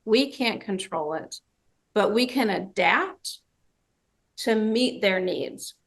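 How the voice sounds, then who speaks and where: A woman's voice: medium pitch, animated, slow. A woman dementia trainer giving a webinar presentation, telling a story and acting out the quoted voices.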